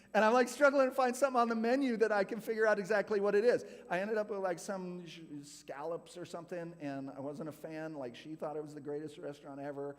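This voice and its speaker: A man's voice: sits high, steady tone, a little fast. A man from California giving a youth group talk, telling a personal story in a chatty way with lots of "like". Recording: hall reverb.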